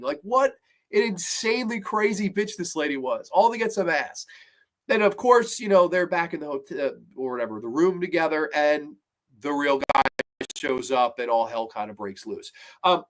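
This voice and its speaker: Male horror film reviewer, fairly high voice, rambling and excited, swears casually.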